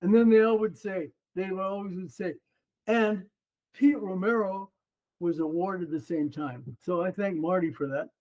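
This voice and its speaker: A man in his seventies, a former runner and coach, telling stories as a guest on an interview podcast in a lively, animated way. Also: high voice, moderate pace, lo-fi sound. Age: 70s. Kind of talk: casual storytelling interview.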